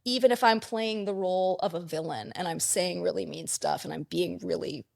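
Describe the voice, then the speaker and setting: A woman's voice: on the low side, normal speed, vocal fry, no room sound, studio quality. A woman counselor and play therapist explaining ideas in a conversational interview, with frequent "like" fillers.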